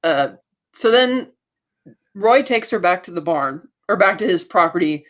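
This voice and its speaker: A man's voice: sits high, expressive, fairly bright tone, dull audio. A man co-hosting a podcast, retelling an episode in casual chat and quoting the characters as he goes. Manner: brisk retelling with acted quotes. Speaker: podcast co-host.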